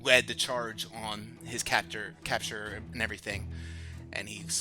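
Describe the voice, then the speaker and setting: A man's voice: lowish voice, steady tone, moderate pace, sharp tone. A man narrating a tabletop game as game master, talking in a loose, chatty way with many fillers. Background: background music.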